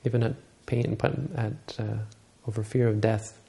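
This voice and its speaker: A man retells a Buddhist story in a dharma talk, halting often and correcting himself. His voice is low and gravelly. It is dark in tone and stays flat. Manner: halting, many restarts and self-corrections.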